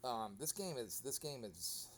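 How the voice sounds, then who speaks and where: Animated man recapping his soccer match. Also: medium pitch, measured pace, slight background noise. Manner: animated storytelling, acts out other players. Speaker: amateur soccer goalkeeper. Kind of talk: casual match recap commentary.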